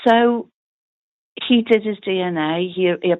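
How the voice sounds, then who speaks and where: A woman's voice: medium pitch, unhurried. A middle-aged woman with a Liverpool accent, telling her family story in an interview, chatty and full of quoted dialogue. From Liverpool, England. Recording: tinny phone-like audio.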